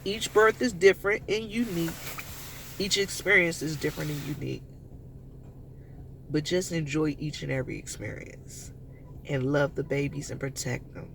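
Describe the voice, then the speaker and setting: A man telling a story to his viewers in a casual vlog, chatty and animated, talking to them directly. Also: a little high, moderate pace, gravelly, a little hiss or hum. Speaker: vlogger.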